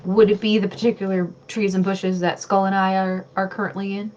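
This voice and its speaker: A woman's voice: medium pitch, level tone, highs cut off, background noise. A woman playing in a tabletop horror game, casual and laughing often. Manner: giggly, unhurried, laughs often. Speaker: player.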